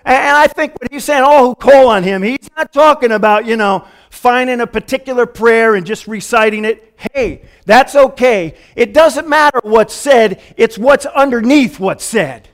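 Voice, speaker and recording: A man's voice: extremely high pitch, moderate pace, hardly any pauses. A man in his fifties, a pastor preaching a sermon in a casual, earnest way with folksy asides. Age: 50s.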